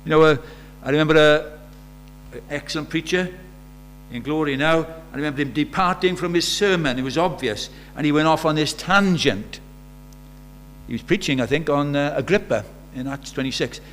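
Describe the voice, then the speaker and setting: A slightly bright, high-leaning male voice at normal speed preaches in a conversational style. He asks the congregation rhetorical questions, and faint mains hum can be heard.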